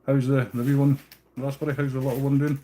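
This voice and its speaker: A Scottish man ties fishing flies on a live stream, chatting easily with viewers and swearing now and then. His medium-pitched voice has a dark tone, a level delivery and a quick pace.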